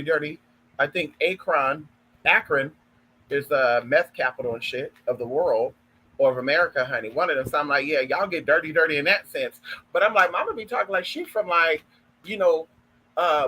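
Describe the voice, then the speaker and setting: A man's voice: a little high, bright, forceful tone, slightly rough, rough recording. A man in a sassy, flamboyant, profane casual gossip vlog, calling listeners honey and girl. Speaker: spiritual content creator.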